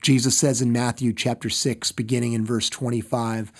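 A man preaching a sermon as pastor, slow and deliberate, repeating phrases for emphasis and trailing off softer at the ends of phrases. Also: mid-range voice, level tone.

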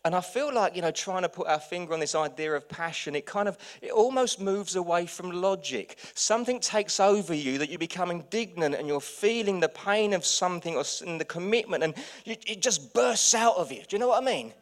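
Man, pastor, sermon, slightly high pitch, shifts between soft and loud. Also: a little fast, few pauses. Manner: lively and anecdotal, swinging between quiet asides and loud bursts.

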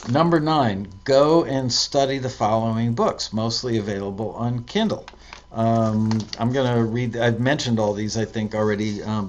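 A man's voice: medium pitch, dull audio. Man reading tips aloud, chatty asides. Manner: reads aloud and comments, with many ums and self-corrections. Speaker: host reading listener tips. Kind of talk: casual live-stream talk.

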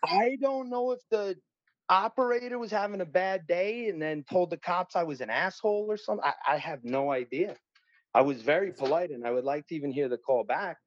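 A middle-aged man, telling a story in an animated, profane way and acting out other voices. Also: high-pitched, brisk, no room sound, dull audio. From Long Island, New York. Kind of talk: casual storytelling.

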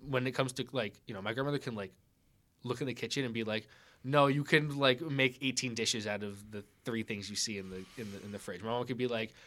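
Rambling young man in his twenties, bright voice. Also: mid-range voice, steady tone, fast. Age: 20s. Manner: rambling storyteller, many "like" fillers. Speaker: podcast guest, editor. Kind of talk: casual chat.

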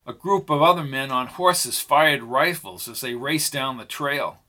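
A man narrating an audiobook in a steady, even storytelling voice. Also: mid-range voice, unhurried, few pauses.

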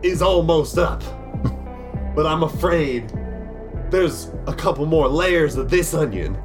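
A man's voice: on the high side, lively intonation, slow pace, music in the background. A man narrating a tabletop game as game master, playful and laughing as he describes the scene.

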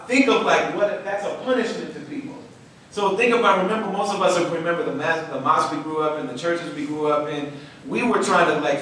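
A man's voice: fairly high pitch, slight background noise. Emphatic man, echoey far-off room. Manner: animated, emphatic, repeats words for stress. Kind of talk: passionate storytelling talk.

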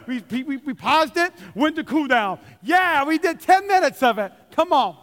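A man preaching a sermon, animated and joking, calling out to the congregation. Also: extremely high pitch, moderate pace. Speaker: pastor. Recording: long hall reverb.

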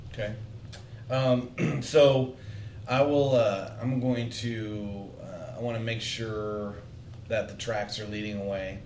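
Male player, lower voice, hesitant delivery, roomy recording. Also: steady tone, a little mellow, a little hiss or hum. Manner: hesitant, halting. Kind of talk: casual tabletop game chat.

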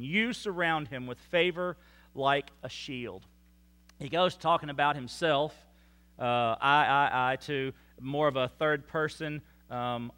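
Man preaching with emphatic swings. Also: on the high side. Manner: emphatic preaching, rising and falling loudness, slow stressed quotes. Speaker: pastor. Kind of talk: sermon. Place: church sanctuary.

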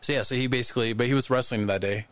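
A man in casual podcast chat, telling lively anecdotes and acting out the voices of people in them. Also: mid-range voice, rapid-fire. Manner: animated anecdotes, acts out quoted voices. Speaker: podcast guest.

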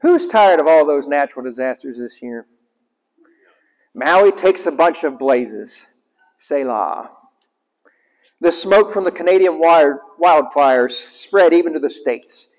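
A man's voice: a little high, lively intonation, unhurried. A male chaplain preaching a sermon in a conversational way and asking the congregation questions. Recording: muffled, echoing hall.

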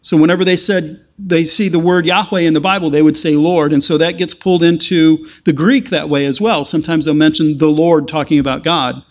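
A man preaching a sermon, earnest and halting, with frequent restarts that build to emphatic stretches. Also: a little high, fairly even intonation.

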